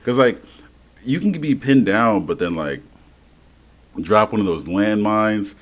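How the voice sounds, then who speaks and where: A man co-hosting a podcast in casual chat, animated and slangy, laughing often and swearing freely. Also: lowish voice, slow, a crowd in the background. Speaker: podcast co-host.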